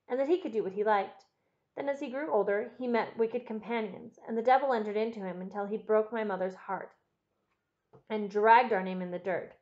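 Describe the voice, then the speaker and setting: A woman's voice: mid-range voice, darkish tone, lightly acted. Lady doing a distraught housekeeper, earnest and pleading, lo-fi audio. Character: distraught middle-aged housekeeper, butler's wife.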